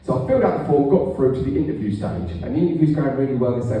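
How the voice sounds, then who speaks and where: A middle-aged man doing a stand-up routine, telling stories in a deadpan way with raunchy punchlines, on a comedy club stage. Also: mid-range voice, quick pace. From England. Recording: echoey room, far from the mic.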